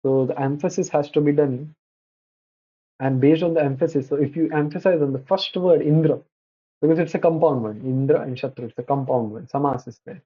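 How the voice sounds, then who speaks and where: A man giving a slide-based religious lecture, pausing often and correcting himself mid-word. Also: fairly high pitch, mellow, husky. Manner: halting, many restarts and self-corrections. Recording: dull lo-fi recording.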